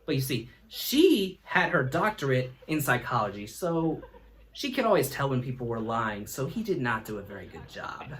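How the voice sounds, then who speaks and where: A man's voice: mid-range voice, sing-song, moderate pace, fairly bright tone. A man hosting a comedy talk show, telling a rambling story with folksy asides and frequent laughter. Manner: laughs often, acts out voices, folksy asides.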